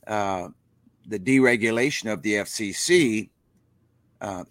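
A man's voice: on the low side, a bit bright, dry recording. An older man, a rock musician guest in a casual interview, speaking in a preachy, impassioned way with folksy grammar. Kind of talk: casual interview over a live stream.

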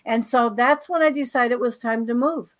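A woman guest on a talk show, telling her own paranormal experiences in a casual, animated way and often repeating words. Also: fairly high pitch, normal speed. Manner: animated, breezy storyteller who repeats words as she goes. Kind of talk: casual storytelling interview.

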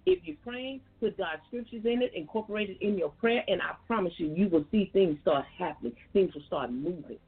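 A woman's voice: medium pitch, lively intonation, brisk, few pauses, husky. A woman gives a folksy, preachy faith testimony as a guest on a call-in show, talking straight to her listeners. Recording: tinny phone line with faint music.

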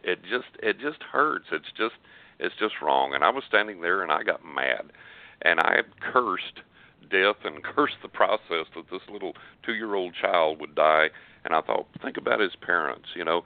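Give me an older man with a deep voice, rambling through a story over a dry, phone-quality line. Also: dry recording. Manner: earnest, rambling, with frequent restarts and fillers. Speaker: radio guest psychic. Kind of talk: casual storytelling on a call-in show.

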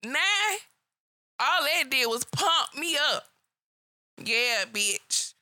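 A woman's voice: sits high, slow, pushed and bright, no echo. A woman co-hosting a casual live chat, telling blunt, profane work stories. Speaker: co-host. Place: live online stream.

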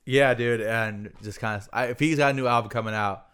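A man co-hosting a casual podcast, swearing a lot, laughing often and telling animated stories. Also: medium pitch, brisk, clean tone. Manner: profane, laughing, animated storytelling. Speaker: podcast co-host.

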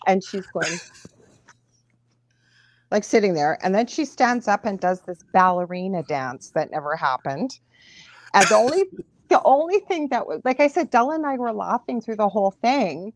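A woman who works as a psychic medium, a podcast guest telling stories in a lively, chatty way with frequent laughs. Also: mid-range voice. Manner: animated storyteller, laughs often, quick asides. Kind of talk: casual chat, storytelling.

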